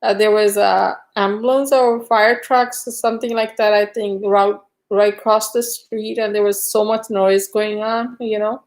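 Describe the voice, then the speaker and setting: A woman's voice: fairly even intonation, measured pace, few pauses. A woman chatting casually on a live stream, telling a rambling story full of fillers. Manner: high cooing baby talk to her dog.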